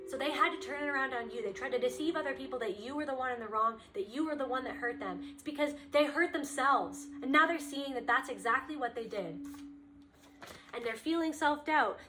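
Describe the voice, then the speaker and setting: A woman's voice: on the high side, noisy background. A woman giving a spiritual card reading to the listener, impassioned and repetitive, circling back over her phrases as she speaks straight to them. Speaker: spiritual reader. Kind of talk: intuitive card reading to camera.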